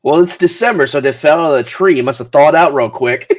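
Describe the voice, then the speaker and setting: A man's voice: fairly high pitch, moderate pace. A man co-hosting a podcast, joking casually and laughing between remarks. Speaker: wrestling podcast co-host. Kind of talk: casual review chat. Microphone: streaming mic.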